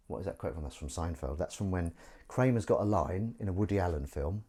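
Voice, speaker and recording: A man's voice: deep voice, lively intonation, brisk, mellow, slightly rough. An English man hosting a live stream, chatting in a jokey, rambling way with viewers while he washes dishes. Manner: jokey, rambling, chats to viewers between tasks. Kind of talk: casual chat while washing dishes.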